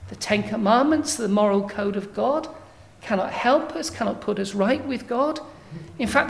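A woman preaching a sermon in a measured, emphatic way, building to strong declarations. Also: fairly high pitch, creaky.

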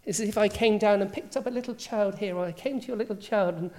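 A woman's voice: medium pitch, quick pace, mellow. A woman preacher delivering a sermon, emphatic and full of rhetorical questions.

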